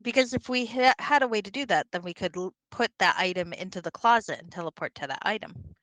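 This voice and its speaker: A woman's voice: mid-range voice, lively intonation, fairly quick, fairly bright tone, no room sound, rough recording. A woman playing a tabletop game over an online call, thinking aloud in a hesitant way and often restarting her sentences. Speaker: player.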